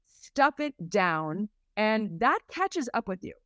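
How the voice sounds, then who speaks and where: A woman coach being interviewed on a podcast, talking in a lively way and acting out quoted voices. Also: medium pitch, slow, dry recording. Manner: lively and animated, acts out quotes in raised voices. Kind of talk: conversational interview.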